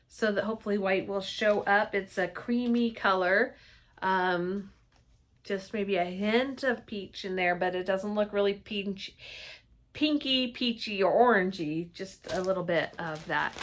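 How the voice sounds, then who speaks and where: A woman's voice: medium pitch, unhurried. Chatty woman showing off cross-stitch supplies. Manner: chatty and enthusiastic, gushing over colors. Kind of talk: casual show-and-tell chat.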